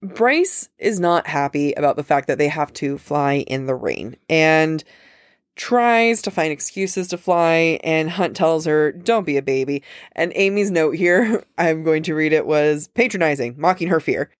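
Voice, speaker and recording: A woman co-hosting a book podcast in casual chat, talking with quick asides and frequent laughter. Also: low voice, expressive, no echo, clean studio sound.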